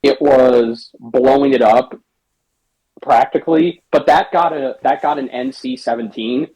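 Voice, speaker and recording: Podcast co-host, male, husky, rambling storyteller; casual chat with lots of restarts. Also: medium pitch, a little slow, warm tone, rough recording. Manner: rambling, restarts, acts out lines in raised voices. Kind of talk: casual chat, retelling a game scene.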